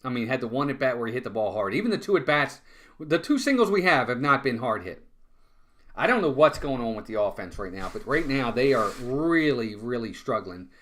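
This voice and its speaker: A man's voice: medium pitch, fairly quick. A man doing live fan play-by-play of a baseball game, talking to his chat and venting when calls go against his team. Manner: excitable, groans and vents frustration at calls.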